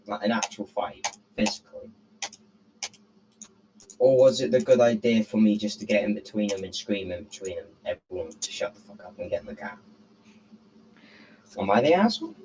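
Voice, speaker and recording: A man's voice: on the low side, fairly quick, a little mellow, poor audio. A teenage boy telling a rambling, profane story on a casual podcast, tagging his sentences with "right?". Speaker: podcast co-host.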